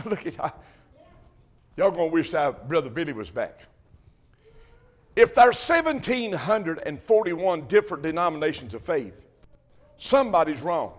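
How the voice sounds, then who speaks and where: A man preaching an emphatic sermon to his congregation, repeating phrases and rising to shouts. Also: high voice, sing-song, moderate pace, pauses often. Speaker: Baptist preacher.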